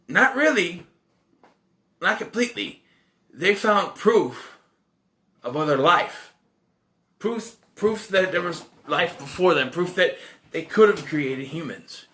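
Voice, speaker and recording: The reviewer's voice is a little high, bright, and forceful. Reviewing a film casually, he wanders through the plot, corrects himself, and tosses in wry remarks.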